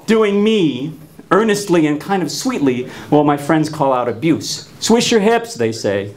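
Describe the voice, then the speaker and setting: A man's voice: fairly high pitch, measured pace, darkish tone. A man in his fifties from New Jersey telling a personal story wryly, with frequent stuttered restarts. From New Jersey, USA.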